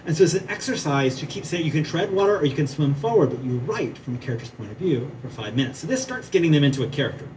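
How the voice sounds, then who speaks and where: A man teaching playwriting in a conference talk, lively and chatty, often checking in with "right?". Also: fairly high pitch, quick pace, hardly any pauses, recorded from a distance, a little hiss or hum. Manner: animated, asks "right?" often, chatty asides. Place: museum theater at a conference.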